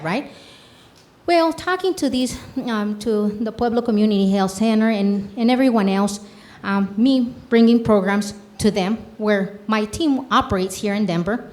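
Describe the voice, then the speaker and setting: A woman's voice: mid-range voice, a little mellow. A woman from Mexico, a native Spanish speaker with a Mexican Spanish accent, asking a question at a public forum. She works as a community health program director and speaks in an earnest, story-driven way, often adding "right?".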